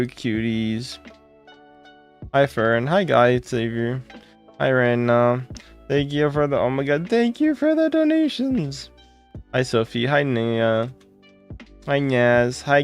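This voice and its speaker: A man's voice: mid-range voice, clean tone. A man streaming live, greeting viewers by name and gushing his thanks in casual chat.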